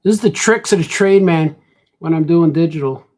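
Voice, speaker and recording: A man's voice: on the high side, moderate pace, darkish tone. A man, a cartoonist, chatting casually while he draws, rambling playfully and joking to himself. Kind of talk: casual chat while drawing.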